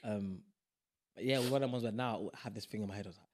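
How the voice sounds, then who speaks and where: Quick-talking young London man. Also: on the low side, steady tone, darkish tone, a little hiss or hum. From South East London. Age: young adult. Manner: reflective, easygoing, jokey. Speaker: podcast guest. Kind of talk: casual chat.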